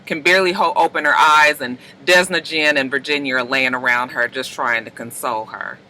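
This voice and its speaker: A man casually recapping a TV episode for his vlog, animated and chatty, with some swearing. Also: medium pitch, fairly quick, a little hiss or hum, poor audio. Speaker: TV recap vlogger.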